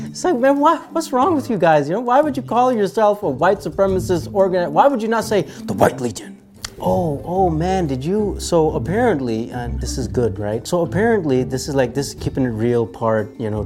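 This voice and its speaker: A man hosting a podcast, mixing emphatic, preachy rhetoric with joking asides. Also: mid-range voice. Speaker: podcast host. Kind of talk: opinionated podcast commentary.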